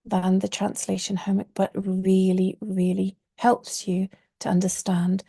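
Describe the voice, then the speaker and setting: A woman's voice: medium pitch, completely flat delivery, unhurried, vocal fry, mellow, breathy edge, no echo, studio quality. A woman teaching an online Arabic course, explaining earnestly and stressing key words, with religious phrases woven into her teaching.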